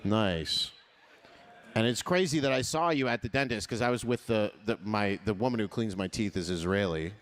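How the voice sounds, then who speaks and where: A man doing crowd-work stand-up comedy, loose and profane, laughing often and swinging his pitch up and down. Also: normal speed.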